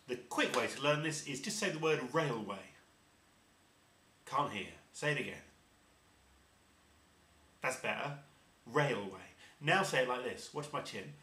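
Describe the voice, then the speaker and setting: A man's voice: mid-range voice, lively intonation, a little slow, long pauses, bright, forceful tone, far from the mic, a little hiss or hum. A man teaching harmonica step by step, patiently explaining and demonstrating each sound. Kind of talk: step-by-step instrument lesson. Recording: roomy echo.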